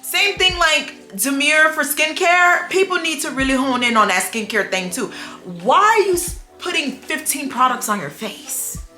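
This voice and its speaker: A young adult woman chatting casually for her vlog, sassy and playful, with animated storytelling and quick asides. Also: high voice, roomy sound, faint music behind. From United States. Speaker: vlogger. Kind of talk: casual chat. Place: home room with a dog.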